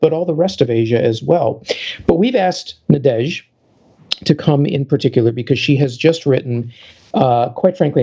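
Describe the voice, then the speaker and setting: A man's voice: mid-range voice, gravelly, dark tone, husky, lo-fi sound. A man co-hosting a podcast, introducing a guest in a talkative way with many restarts. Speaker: podcast co-host. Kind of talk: casual podcast chat.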